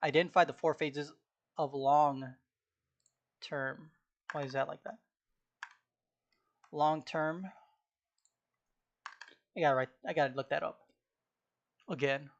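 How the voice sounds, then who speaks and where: A young man with a slightly hoarse voice that sits a touch high talks to himself at home while he studies. He murmurs and repeats lines over and over as he commits them to memory, in a loose, offhand study-vlog way. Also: fairly even intonation, takes it slowly, long pauses, highs cut off. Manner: mutters and repeats phrases while taking notes. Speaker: student. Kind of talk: casual study vlog, reading aloud and memorizing.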